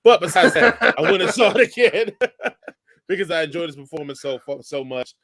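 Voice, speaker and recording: Male podcast host, slightly high voice, dry close sound, brisk listing. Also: expressive, a bit bright, no echo. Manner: runs segments with quick lists. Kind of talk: casual chat.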